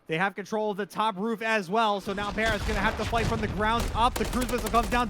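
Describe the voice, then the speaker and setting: A man calling play-by-play for a video game match, getting louder and quicker in the big moments. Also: sits high. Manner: fast, excitable, rising in big moments. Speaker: esports caster. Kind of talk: play-by-play commentary. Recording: noisy game audio behind.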